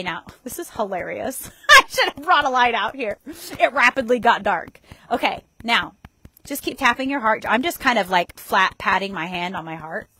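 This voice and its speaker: A woman's voice: mid-range voice, bright, forceful tone, low-quality recording. Woman, tapping guide, casual and blunt, swears and laughs, outdoor session. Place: outdoors in a yard at dusk.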